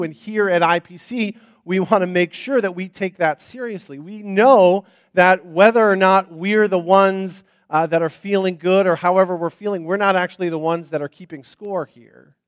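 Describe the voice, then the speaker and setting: On a dry recording, a pastor with a high voice gives an informal, conversational sermon. He often repeats words, restarts sentences, and checks in by asking "right?".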